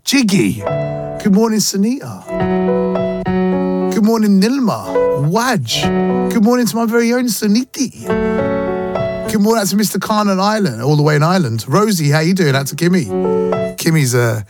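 Upbeat guy doing morning radio shout-outs, music bed behind him. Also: high voice, very animated, moderate pace, long pauses. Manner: chatty, playful, sends shout-outs. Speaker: radio presenter. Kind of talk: breakfast radio chat.

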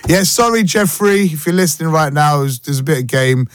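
A man hosting a radio show, chatting casually and telling stories with animated voices. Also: a little high, fairly quick, clean tone, no room sound, studio quality. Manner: animated, playful storytelling with voices. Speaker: radio host.

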